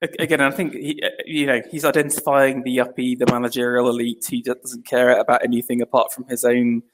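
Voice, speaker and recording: A man co-hosting a casual commentary, rambling and halting with many fillers. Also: mid-range voice, little pitch movement. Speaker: co-host reacting to a clip.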